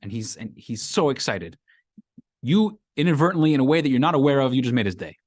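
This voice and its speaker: A man's voice: medium pitch, very animated, fast, a little mellow, no room sound, studio quality. A man who is a rabbi giving a conversational Torah class to a live group, explaining ideas and acting out everyday scenarios.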